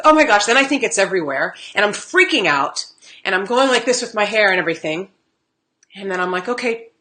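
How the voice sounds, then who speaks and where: Female spiritual card reader, live-stream host; bright tone, casual and animated, laughs easily. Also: mid-range voice. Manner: chatty, animated storytelling with laughs. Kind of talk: live-stream chat with viewers.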